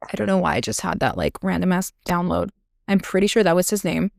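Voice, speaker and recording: This young woman hosts a podcast and shares a personal story, gushing and casual, heavy on the filler "like" and frequent swearing. Her fairly low, creaky voice has lively intonation and runs a little fast, recorded at studio quality without room sound.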